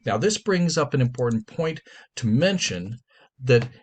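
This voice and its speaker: A man's voice: mid-range voice, animated, a little slow. A man teaching a writing class, lecturing in a conversational way and repeating and stressing his key points.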